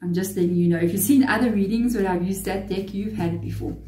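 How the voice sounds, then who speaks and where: Earnest woman reading tarot, mellow. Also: medium pitch, quick pace, roomy sound. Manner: earnest, motherly advice, talks straight to the viewer. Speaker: tarot reader. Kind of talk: casual spoken tarot reading.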